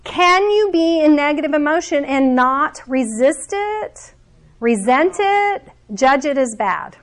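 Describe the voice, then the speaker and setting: A middle-aged woman coach giving a lively, conversational teaching talk to a group, often laughing as she explains. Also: high-pitched, slow. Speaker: emotional coach.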